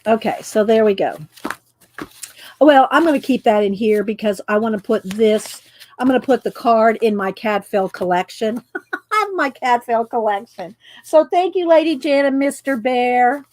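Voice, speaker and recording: A woman's voice: on the high side, normal speed, darkish tone. A woman, chatting casually on a livestream and reading cards aloud, stumbling over names as she goes. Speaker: channel host.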